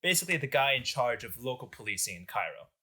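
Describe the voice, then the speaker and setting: Casting: young male podcast host, animated and joking, bright voice, lively pitch. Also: quick pace. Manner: animated, joking, filler-heavy. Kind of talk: casual history storytelling among friends.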